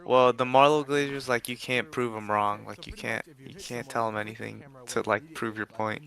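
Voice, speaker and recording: A man's voice: medium pitch, fairly even intonation, moderate pace, creaky, a bit bright, poor audio. A young man co-hosting a live stream, chatting casually and rambling with lots of filler words. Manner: rambling, repeats himself, lots of "like" and "bro". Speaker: stream co-host. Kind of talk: casual chat.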